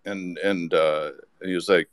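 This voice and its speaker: Very deep-voiced man telling a story. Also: steady tone, moderate pace, clean tone, dry recording. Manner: rambling anecdote full of restarts. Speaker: podcast guest. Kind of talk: casual storytelling.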